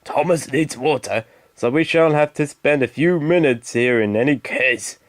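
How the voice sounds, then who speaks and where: A man voicing a railway guard who speaks in a lowered, steady and encouraging way, for a storybook reading. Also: moderate pace, no room sound, natural voice. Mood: reassuring. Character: calm, reassuring male railway guard.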